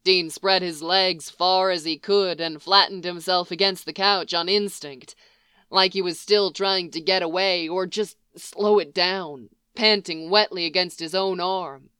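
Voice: mid-range voice, fairly even intonation, measured pace, pushed and bright, smooth, no room sound, clean studio sound. A narrator reading a story aloud with wry, emphatic delivery. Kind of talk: audiobook reading of fan fiction.

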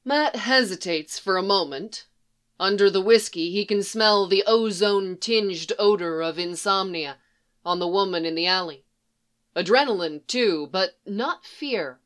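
A woman narrating a fan fiction story in a steady, even storytelling manner. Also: mid-range voice, measured pace. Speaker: fanfic audiobook reader. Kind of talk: scripted narration.

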